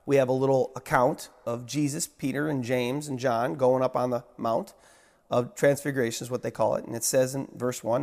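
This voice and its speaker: A man preaching a sermon as a pastor, reading scripture and building to emphatic rises before dropping to a quiet hush. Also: mid-range voice, steady tone, moderate pace, creaky, long reverb tail.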